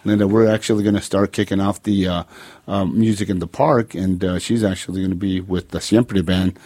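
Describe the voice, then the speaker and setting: A man's voice: deep voice, fairly even intonation, fairly quick, mellow. A man co-hosting a community radio show in a laid-back, teasing way, calling people "man" into a studio microphone. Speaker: radio co-host. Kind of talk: casual community radio chat.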